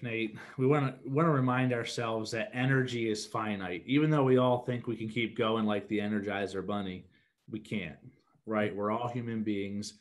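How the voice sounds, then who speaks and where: A man hosting a podcast, explaining steadily and steering the conversation. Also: medium pitch. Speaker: podcast host. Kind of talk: casual podcast talk.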